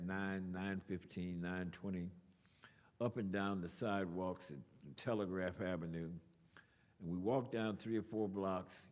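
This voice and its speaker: An older man speaking as a guest to an audience, telling a story in an animated way with sound effects and swearing. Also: sits low. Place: lecture hall. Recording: long reverb in a large hall.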